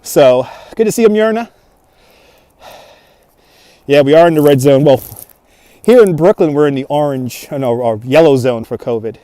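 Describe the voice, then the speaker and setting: A man's voice: a little high, normal speed, long pauses, dark tone, dry recording. A man hosting a casual walking livestream outdoors in a snowy park, chatting and answering viewer comments while holding a phone on a gimbal. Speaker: livestream host. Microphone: phone on a handheld gimbal.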